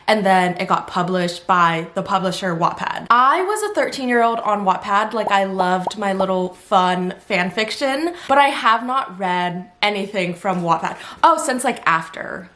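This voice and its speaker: A bubbly young woman in her twenties talks casually, as if to friends, about what she plans to read. She chats at home indoors and peppers every thought with "like". Her voice sits at an ordinary middle pitch. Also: pushed and bright. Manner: bubbly and chatty, heavy use of "like". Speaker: book vlogger. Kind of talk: casual chat.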